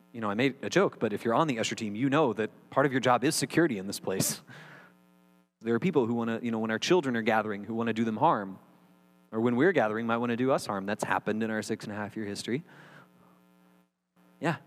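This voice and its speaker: Animated male pastor in a reverberant hall. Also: mid-range voice, fast, pauses often. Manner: animated, jokey, mocking asides. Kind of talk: sermon. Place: church hall. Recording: reverberant hall with mains hum.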